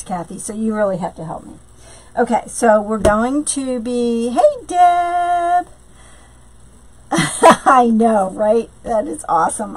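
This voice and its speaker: A woman with a husky, medium-pitched voice hosts a live craft tutorial from home, chatting with viewers and greeting them by name between steps. She uses lots of fillers and draws her greetings out slowly, and the audio quality is poor.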